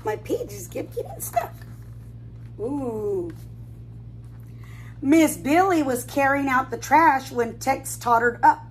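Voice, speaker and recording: A woman reads a storybook to preschoolers in a high, sing-song voice that swoops widely between notes. She takes her time and pauses to ask the children questions. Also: sing-song, darkish tone. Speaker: preschool teacher. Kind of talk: storybook read-aloud for children.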